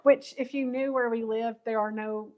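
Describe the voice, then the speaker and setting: A woman's voice: fairly high pitch, fairly even intonation, normal speed, dull audio. A woman co-hosting a craft show, telling a story in casual chat and laughing a lot.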